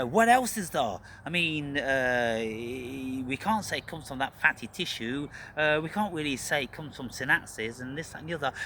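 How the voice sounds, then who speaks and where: A man's voice: mid-range voice, sharp tone, a little hiss or hum. A man hosting his own channel, delivering an angry, profane rant about spirituality, repeating himself and calling out to "people.". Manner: profane, ranting, repetitive, addresses listeners as "people". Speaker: channel host.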